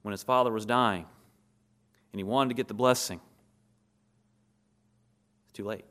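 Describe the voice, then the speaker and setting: A man's voice: fairly low pitch, steady tone, unhurried, fairly bright tone. A man preaching a sermon, who asks his listeners questions, answers them himself and acts out short scenes in quoted voices.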